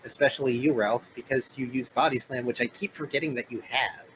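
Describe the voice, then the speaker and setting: A man's voice: medium pitch, fairly even intonation, fairly quick, noisy background. A man running a tabletop role-playing game, narrating the story dramatically and joking with his players. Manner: storytelling, playful asides. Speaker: game master.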